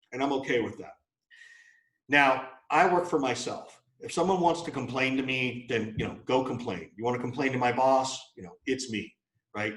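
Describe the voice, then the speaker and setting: A man's voice: medium pitch, fairly bright tone, echoey room, low-quality recording. A man giving a live sales training, talking bluntly and casually with plenty of fillers. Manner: blunt and conversational, with many fillers. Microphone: video call.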